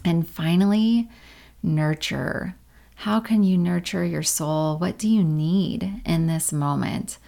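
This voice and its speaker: Woman, meditation guide, low voice, slow and gentle, a bit of vocal fry. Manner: calm, gentle, unhurried.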